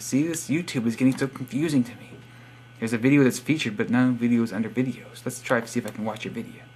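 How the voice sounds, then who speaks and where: A man's voice: mid-range voice, darkish tone, slight background noise. Sarcastic young man teasing viewers. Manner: sarcastic teasing, reads profiles aloud with wry asides. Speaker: vlogger giving subscriber shoutouts. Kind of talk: casual joking monologue.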